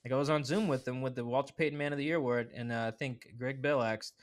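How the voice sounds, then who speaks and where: On a sports podcast, a male guest chats at medium pitch in a loose, lively manner. His speech is packed with "like," rapid side comments, and impressions when he quotes someone.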